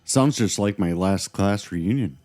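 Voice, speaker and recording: A man with a very deep, mellow voice co-hosts a scripted paranormal podcast. He tells ghost stories with dramatic pauses and a playful, teasing edge. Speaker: podcast co-host.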